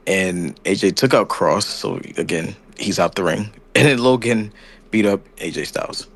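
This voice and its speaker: A man's voice: sits low, normal speed, a bit bright. A man co-hosting a podcast, recapping wrestling in loose casual chat with slang and sound effects. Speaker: podcast co-host.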